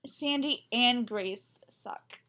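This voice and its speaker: A young woman co-hosting a podcast, reacting with teasing remarks and quick questions in casual chat. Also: a little high, pushed and bright. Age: young adult. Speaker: podcast co-host.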